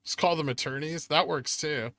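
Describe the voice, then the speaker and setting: Bright-voiced man riffing casually to chat. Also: on the high side, normal speed. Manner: sardonic, swears often, laughs at himself. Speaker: streamer reading chat. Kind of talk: casual live-stream chat.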